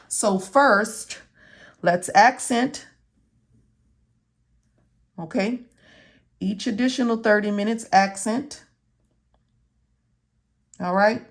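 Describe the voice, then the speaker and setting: A woman instructor walking students through medical coding notes step by step, often checking in with "okay?". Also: medium pitch. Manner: repeats "okay?" and "all right?" to check in. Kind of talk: casual step-by-step tutorial.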